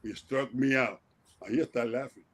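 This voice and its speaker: Older man, animated laughing storyteller. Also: medium pitch, normal speed, breathy edge. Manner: animated, laughing, acts out remembered exchanges with raised voice. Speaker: guest, retired baseball player. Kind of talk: casual storytelling on a talk show.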